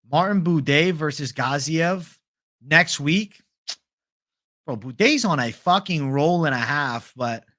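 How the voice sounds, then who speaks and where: A man's voice: a little high, a bit bright. Profane casual male livestream host. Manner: casual, profane, reads chat aloud.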